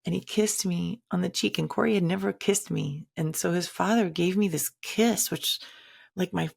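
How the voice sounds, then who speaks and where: A woman's voice: on the low side, moderate pace, gravelly, slightly rough. A woman telling a personal story in a candid, conversational way, acting out quoted lines dramatically. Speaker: shaman and teacher.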